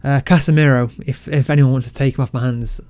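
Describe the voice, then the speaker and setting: A man casually commentating his football management game, excitable and self-mocking. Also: mid-range voice, fast talker, no echo. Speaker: game let's-play creator.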